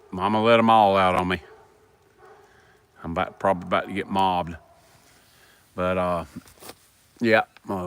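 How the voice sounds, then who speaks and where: A middle-aged man from South Carolina with a thick Southern drawl and a very deep voice. He rambles in a folksy, homespun way while chatting to his live-stream viewers outdoors by a fire at night, with dogs around him. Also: a bit bright, slight background noise. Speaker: livestream host. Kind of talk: casual live stream chat.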